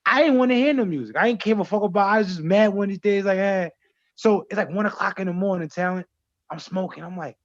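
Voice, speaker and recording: A man, a rapper guest from Brooklyn, telling stories in animated, profane, slangy talk. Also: high-pitched, fast, no echo, lo-fi sound. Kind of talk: casual radio chat.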